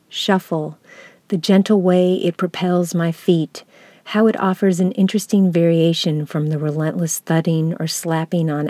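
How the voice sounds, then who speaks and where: A woman from the United States, a lecturer, reading a reflective essay aloud in a slow, measured, contemplative way. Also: on the low side, mellow, no echo.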